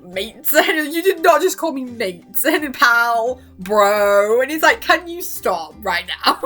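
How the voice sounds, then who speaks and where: A woman chatting through a TV recap in a rambling, casual way. She laughs often and slips into quick quoted asides. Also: on the high side, very animated, pushed and bright, soft background music. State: hoarse after long talking. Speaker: vlogger.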